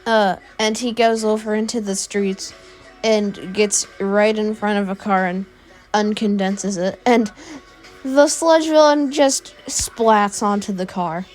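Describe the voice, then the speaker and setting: Slow, rambling woman narrator for an improvised fan story. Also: mid-range voice, steady tone, a little mellow, soft background music. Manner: rambling, with fillers and self-corrections.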